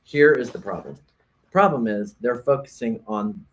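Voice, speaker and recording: A man's voice: mid-range voice, animated, moderate pace. A man, a realtor, co-hosting a casual podcast chat, explaining earnestly and often restarting his sentences.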